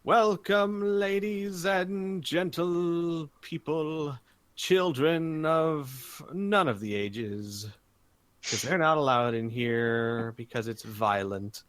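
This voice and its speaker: A man voicing a showy male arena announcer who calls out to a crowd in a drawn-out, grand way. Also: a little high, fairly bright tone, clean tone, no echo, pitched above the performer's own voice.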